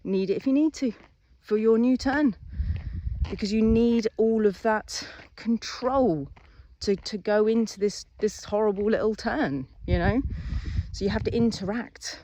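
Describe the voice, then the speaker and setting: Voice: medium pitch, unhurried, mellow, slight background noise. A driving instructor, giving a casual, chatty lesson and acting out little scenes along the way.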